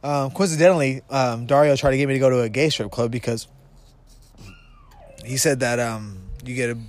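Young man, mid-pitch, rambling storyteller who swears and laughs a lot; podcast co-host recorded outside. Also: steady tone, a little fast, no echo. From Vancouver, Washington. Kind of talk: casual storytelling. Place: outdoors in the cold.

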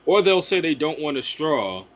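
A man's voice: on the high side, normal speed. A young man who works at a coffee shop, ranting about customers in casual chat and swearing freely. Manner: animated ranting, swears a lot.

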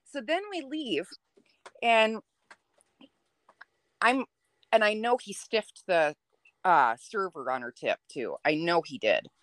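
A woman's voice: medium pitch, slow pace, pauses often, no room sound. Brief: young adult woman, mid-range voice, casual storyteller, dry close sound. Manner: chatty, animated, laughs while telling. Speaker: podcast guest.

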